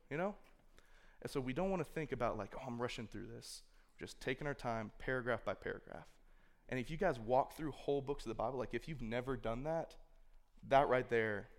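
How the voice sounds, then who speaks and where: A man speaking to a room of young people in a casual sermon, loose and conversational, filling his talk with "like" and voicing imagined thoughts. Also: medium pitch. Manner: conversational, filler-heavy, acts out imagined inner thoughts. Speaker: youth speaker. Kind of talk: casual sermon to a youth group. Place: room with a live audience.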